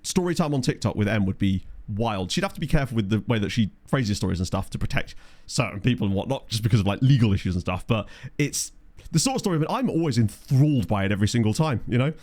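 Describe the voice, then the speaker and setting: A man's voice: fairly low pitch, expressive, fast, darkish tone. A man with a chatty, jokey manner, live-streaming a management game and reading out stats while talking to chat.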